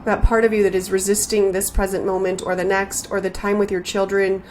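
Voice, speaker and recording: A woman hosts a spiritual podcast in a slow, earnest voice. She sits in the middle of the range for pitch and keeps her delivery reflective and heartfelt. She often repeats her phrases as she builds each thought. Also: level tone, darkish tone, a little hiss or hum. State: emotional, near tears.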